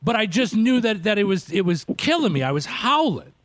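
A man's voice: high-pitched, lively intonation, brisk, no room sound. A man hosting a radio interview in a casual, chatty way. He laughs often and restarts his sentences. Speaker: radio show host.

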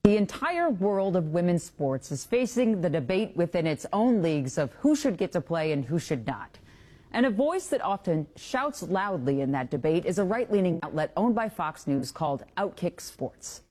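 A woman news anchor reading a scripted commentary with a measured, pointed delivery. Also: lowish voice, big pitch swings, dark tone.

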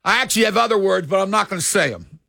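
A middle-aged man from the United States hosting sports radio, ranting and shouting his opinions. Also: sits high, expressive, racing, creaky, dry recording. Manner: ranting, loud, shouting at peaks. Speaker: sports radio host, former baseball player.

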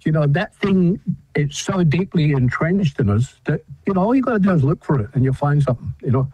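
A man's voice: fairly high pitch, fast, breathy edge, dry recording, highs cut off. An older Australian man, a rock musician, telling stories earnestly in a radio interview and rambling a little. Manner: earnest, rambling, with animated quoted voices. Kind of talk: candid radio interview storytelling.

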